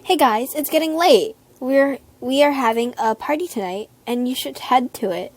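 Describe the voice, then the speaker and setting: A teenage girl playing a brave, boyish hero in a school play, earnest and steady. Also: high voice, normal speed. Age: teens.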